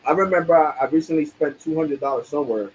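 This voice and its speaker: A man's voice: a little high, fast, slight background noise, rough recording. A man ranting angrily on his livestream, swearing often and using casual streetwise slang. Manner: angry, profane ranting.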